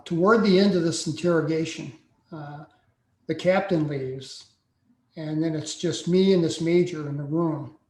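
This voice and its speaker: Guy in his 60s telling his story, slow and careful, kinda high voice, echoey room. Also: a little mellow. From United States. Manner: deliberate storyteller, pauses often. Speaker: guest. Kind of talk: personal account in a podcast interview.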